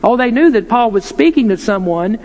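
A man's voice: extremely high pitch, expressive, moderate pace, a little mellow. A man preaching an earnest, emphatic sermon, posing rhetorical questions to his listeners. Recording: long hall reverb.

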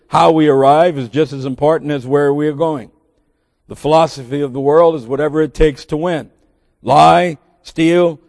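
Southern drawl preacher guy, gravelly voice, long church reverb behind him. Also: mid-range voice, darkish tone, studio quality. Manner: earnest, building to emphatic bursts with folksy asides. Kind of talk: sermon.

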